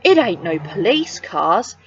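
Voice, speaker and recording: A woman's voice: mid-range voice, sing-song, unhurried, breathy edge, no room sound, exaggerated voice. A woman voicing a blunt, greedy male burglar who drags out his words, on a dull, dry recording. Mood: gruff.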